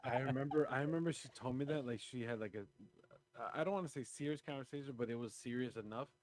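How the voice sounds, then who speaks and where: A man's voice: medium pitch, fast. A young man co-hosting a podcast in casual chat, telling stories and acting out the quotes. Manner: animated storyteller, acts out quotes. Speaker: podcast co-host.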